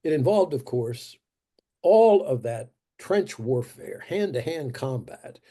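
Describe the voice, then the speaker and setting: Male guest lecturer, very dark and husky voice, halting, deliberate delivery that repeats phrases for emphasis. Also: mid-range voice, animated. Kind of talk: history lecture. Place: church.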